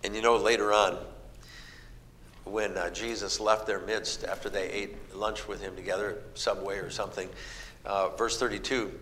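Man, middle-aged, sermon, folksy storyteller, bright tone, long reverb, faint background noise. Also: fairly low pitch, normal speed. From American Midwest. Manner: folksy storytelling, animated voices for quoted people. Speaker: preacher.

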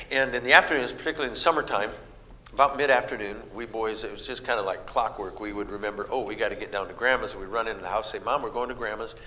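A man's voice: on the low side, fast talker. A middle-aged man preaching a sermon, telling folksy stories and acting out the people in them. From American Midwest. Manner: folksy storytelling, animated voices for quoted people. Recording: reverberant hall with faint noise.

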